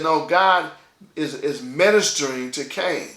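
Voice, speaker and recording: A man's voice: fairly high pitch, measured pace, fairly bright tone, roomy sound. A man delivering a sermon as pastor, in a conversational style, checking in with his listeners by asking "okay?" again and again.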